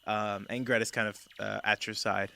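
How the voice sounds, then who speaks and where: GM, male, bright low voice, halting narration. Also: little pitch movement, gravelly. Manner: halting, with many fillers. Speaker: game master. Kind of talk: narrating a tabletop game.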